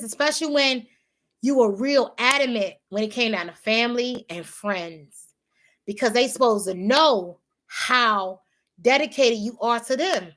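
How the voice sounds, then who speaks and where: A woman's voice: fairly high pitch, lively intonation, measured pace, fairly bright tone. A woman hosting a livestream, talking casually and emphatically about faith with her viewers. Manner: emphatic, preachy, colloquial. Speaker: livestream host.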